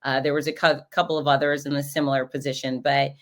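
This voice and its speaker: Female host with a low voice, chatty and lively, acts out the people in her stories. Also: fast talker. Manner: animated, acts out quoted voices. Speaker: podcast host and race announcer. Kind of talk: casual storytelling recap.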